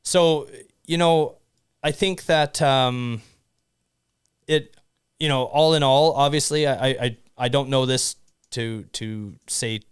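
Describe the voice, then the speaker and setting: A man's voice: medium pitch, smooth, dry recording, studio quality. A young man co-hosting a podcast, talking casually with lots of restarts and fillers. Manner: halting, many restarts and fillers. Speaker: podcast co-host. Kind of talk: casual conversation.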